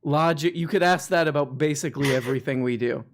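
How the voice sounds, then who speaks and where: A man's voice: fairly high pitch, fast talker, a little hiss or hum. Joking young man hosting a live call-in. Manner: joking, easygoing, laughs often. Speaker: live show host taking callers. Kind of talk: casual live call-in banter.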